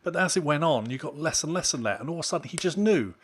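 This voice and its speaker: A man's voice: fairly high pitch, expressive, fast talker, slight background noise. A man co-hosting a podcast, talking in an opinionated, emphatic way that builds to exasperated outbursts. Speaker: podcast co-host. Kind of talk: casual chat.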